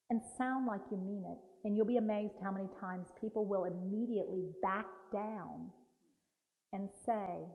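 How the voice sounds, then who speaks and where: A woman's voice: mid-range voice, brisk, dark tone. A woman leading a hands-on dementia care workshop, coaching a group directly and speaking sample phrases aloud for them to practice. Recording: long hall reverb.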